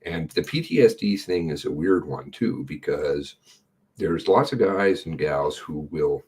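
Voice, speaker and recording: A middle-aged man giving casual, sarcastic running commentary on a livestream, blunt and quick to swear. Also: very deep voice, a little mellow, breathy edge.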